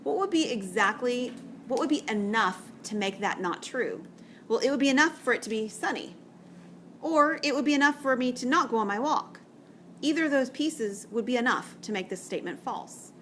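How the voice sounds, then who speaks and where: A woman math teacher lectures her class in a chatty way, explaining step by step and often checking in with "okay?". Her voice is a little high, expressive and fairly bright, at a moderate pace, with slight background noise.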